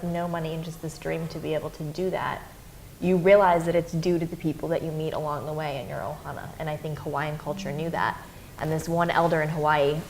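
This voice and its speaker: This young woman talks in a casual interview, slightly low-pitched for a woman, bouncing through stories and putting on quick voices for quotes. A faint hum of room ambience sits behind her. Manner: animated storyteller, acts out quotes. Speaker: interview guest, adventurer and filmmaker.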